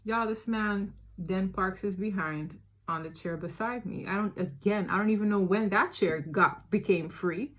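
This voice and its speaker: A woman casually telling a personal story to her viewers, chatty and animated, with many fillers. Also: mid-range voice, moderate pace, hardly any pauses.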